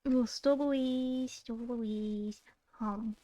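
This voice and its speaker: A woman's voice: fairly high pitch, steady tone, slow pace, mellow, poor audio. A woman with an Australian accent chatting casually while streaming a game, muttering and swearing to herself.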